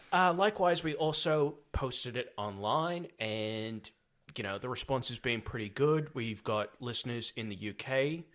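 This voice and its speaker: A man's voice: medium pitch, animated, measured pace, fairly bright tone. An Australian man hosting a casual film-chat podcast, chatty and joking as he talks through the episode. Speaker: podcast host.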